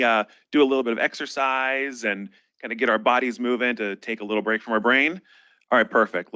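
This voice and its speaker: Bright upbeat man leading a stretch break. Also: mid-range voice, no room sound, highs cut off. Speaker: host.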